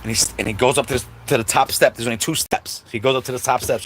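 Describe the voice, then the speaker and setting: A man hosting a livestream, telling a childhood story in a casual, animated way and acting out the quotes, with many asides to the listeners. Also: mid-range voice, fast, slight background noise. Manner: animated storyteller, acts out quotes, many "you know what I'm saying" asides. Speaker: host. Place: livestream setup.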